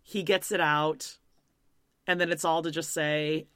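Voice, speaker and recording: A woman's voice: low voice, steady tone, measured pace, crowd noise. A woman co-hosting a casual podcast, making blunt, wry remarks about a TV show and swearing casually. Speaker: podcast co-host. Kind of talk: casual chat recapping a TV show.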